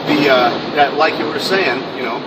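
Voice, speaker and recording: A man's voice: fairly high pitch, fairly even intonation, normal speed. A man hosting a casual podcast interview, joking and rambling. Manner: jokey, rambling. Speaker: podcast host. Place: outdoors in a city, trains nearby. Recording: distant mic, clear street noise.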